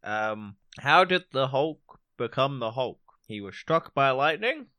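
Male podcast quizmaster, bright forceful tone, dry close mic, jokey delivery. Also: medium pitch, lively intonation, clear, resonant tone, no echo. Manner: playful, jokey, reads options with comic pauses. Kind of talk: casual podcast quiz.

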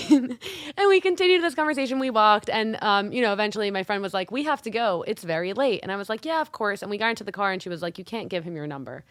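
A young adult woman co-hosting a podcast in casual chat, an animated storyteller who acts out the dialogue. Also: mid-range voice, fast talker, no room sound, studio quality. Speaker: podcast co-host.

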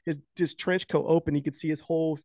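Rambly guy, fairly high voice, tons of "like", swears a lot, dry close mic. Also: fast talker, no room sound. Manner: rambling with constant filler words, profane; animated, laughing retelling. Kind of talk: casual chat.

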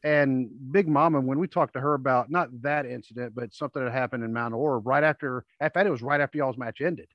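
A man's voice: mid-range voice, fast, hardly any pauses, no room sound. A man hosting a casual chat, rambling through stories and acting out what people said. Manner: rambling storyteller, acts out quotes. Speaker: podcast host. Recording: dull lo-fi dry audio.

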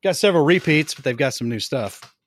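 A man hosting a hobby podcast, chatting casually in a relaxed, unhurried way with frequent fillers. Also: a little high. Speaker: podcast host.

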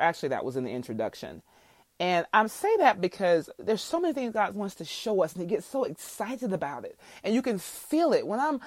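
A woman's voice: medium pitch, no echo. Emotional woman preaching on a podcast. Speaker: podcast host. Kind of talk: faith podcast teaching.

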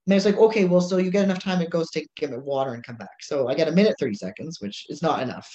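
A woman chats in a relaxed way, telling a lively story and voicing each person in it herself. Her voice rings around a roomy space. The audio is dull and lo-fi. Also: deep voice, racing. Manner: animated storyteller acting out dialogue. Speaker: strongwoman competitor. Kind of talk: casual chat.

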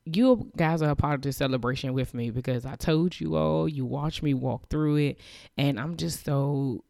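A woman in her thirties hosting a podcast, talking earnestly and emotionally, with halting restarts and repeated phrases. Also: low-pitched, creaky, warm tone, no room sound, clean studio sound. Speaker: podcast host. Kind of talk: heartfelt faith-based podcast monologue.

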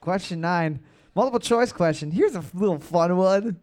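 A man runs a casual trivia night, reading out questions and riffing on them. His voice sits high and swings widely in pitch, playful and quick to joke. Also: expressive, a little mellow, a little hiss or hum. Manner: joking, playful, reads questions aloud with bits. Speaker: trivia quiz host. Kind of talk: casual comedic trivia hosting.

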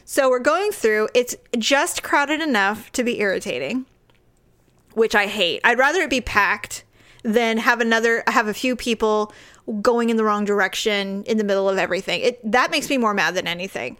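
A woman chatting casually, telling a self-deprecating story and acting out the quotes in a higher voice. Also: moderate pace, a bit bright.

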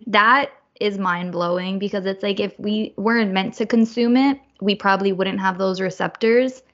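Woman podcast host, mid-pitched, relaxed chatter, dull sound. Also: normal speed. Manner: relaxed, uses lots of "like" fillers. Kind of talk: casual interview chat. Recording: dull lo-fi audio.

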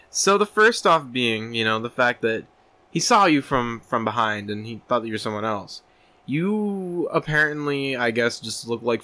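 Bright-voiced teasing man. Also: mid-range voice. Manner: teasing, halting, laughing a lot. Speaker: podcast co-host. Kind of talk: casual chat.

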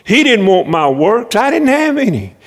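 A man's voice: high voice, sing-song, moderate pace, in a large hall. A man preaching a sermon testimony as an emotional storyteller who repeats words when he is moved.

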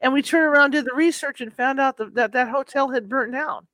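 A man's voice: extremely high pitch, a little fast, pushed and bright, no room sound, rough recording. A man hosting a casual chat, talking in a chatty way and repeating words as he gets started.

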